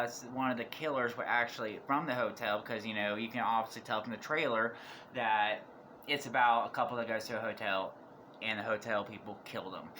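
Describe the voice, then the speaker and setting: A man casually reviewing movies for a vlog, talking in a rambling way that keeps restarting sentences, his voice going hoarse. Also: on the low side, background noise. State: losing his voice.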